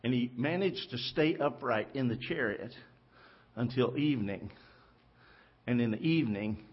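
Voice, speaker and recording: A man's voice: medium pitch, unhurried, slightly rough, highs cut off. A man preaching a sermon from the pulpit of a church, retelling a story with voices for its characters. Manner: storytelling, acting out the characters' lines. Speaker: pastor. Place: church sanctuary.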